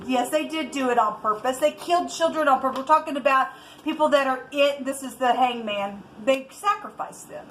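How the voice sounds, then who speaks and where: Heated, high-voiced woman tarot reader. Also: moderate pace, a bit bright, slight background noise, rough recording. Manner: heated, indignant ranting. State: angry. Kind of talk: spiritual tarot reading to viewers.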